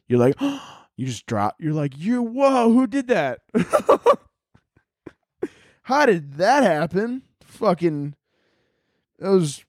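A man hosting a podcast, riffing in a profane, animated comedic monologue and acting out silly voices. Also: fairly high pitch, no echo, studio quality. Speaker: podcast host.

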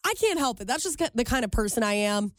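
Expressive woman radio co-host. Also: fairly high pitch, fast talker, dry recording, studio quality. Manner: expressive, reacts with gasps and exclamations. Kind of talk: casual chat. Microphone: studio microphone.

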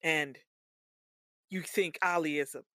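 A woman putting on the voice of an aloof male alien leader who makes flat, declarative pronouncements. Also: fairly high pitch, slow pace, no room sound, studio quality, voice pushed down, exaggerated voice. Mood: matter-of-fact.

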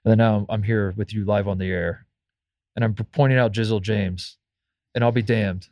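A man's voice: lowish voice, fairly even intonation, normal speed, a little mellow, slight background noise. A man hosting a casual sports talk radio show, rambling with many restarts. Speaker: radio host.

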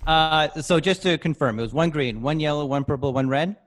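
A man's voice: on the high side, a little fast. A man playing a tabletop game, hesitant and laughing, stumbling over his words. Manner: hesitant, laughing, full of restarts. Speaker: player. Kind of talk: tabletop role-play.

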